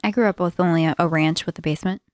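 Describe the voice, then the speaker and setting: A woman in her thirties co-hosting a podcast with her husband, soft-spoken and wry in casual chat. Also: fairly low pitch, fairly even intonation, very fast, dry recording, studio quality. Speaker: podcast co-host. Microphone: studio mic with headphones.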